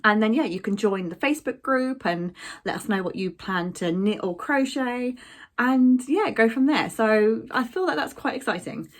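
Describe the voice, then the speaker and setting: A woman's voice: a little high, moderate pace. Chatty woman, rambling vlog talk. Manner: chatty, rambling with many ums and likes. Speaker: crafting vlogger. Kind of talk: casual chat.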